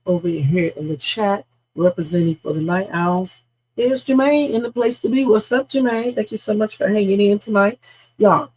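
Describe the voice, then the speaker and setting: A man hosting a casual news-reaction livestream, hoarse from a sore throat, chatting straight to his viewers with rambling asides. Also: sits high, darkish tone, low-quality recording. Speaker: livestream host. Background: background music.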